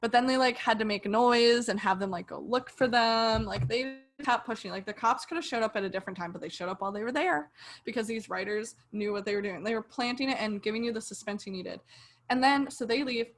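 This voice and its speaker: A woman's voice: fairly high pitch, brisk. A young woman co-hosting a podcast, animatedly retelling a TV episode and acting out her own reactions. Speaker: podcast co-host. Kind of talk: casual chat reviewing a TV show.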